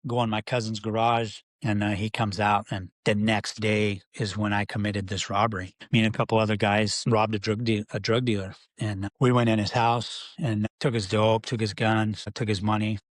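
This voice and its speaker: A man's voice: fairly low pitch, level tone, moderate pace, few pauses, no room sound. A middle-aged man, a podcast guest, telling his life story in a rambling, candid way with many fillers and restarts.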